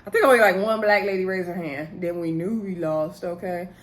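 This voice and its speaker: A woman casually recapping a TV episode, telling the story in an animated way, acting out what people said and laughing often. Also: fairly low pitch, a little fast, few pauses. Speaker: recap host.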